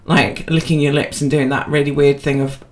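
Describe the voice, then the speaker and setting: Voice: mid-range voice, level tone, normal speed. A podcast co-host chatting casually and rambling, with lots of fillers and restarts, self-deprecating. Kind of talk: casual chat.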